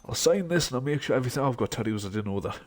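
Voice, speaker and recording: A man's voice: mid-range voice, lively intonation, rapid-fire, a little hiss or hum. A young man who is unwell, rambling to himself in casual gaming stream commentary. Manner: rambling, mumbling asides to himself. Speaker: game streamer.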